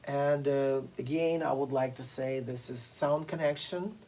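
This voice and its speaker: A piano teacher giving a masterclass lecture, explaining slowly and deliberately with frequent fillers and pauses. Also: mid-range voice, steady tone, mellow, low-quality recording. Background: occasional piano playing.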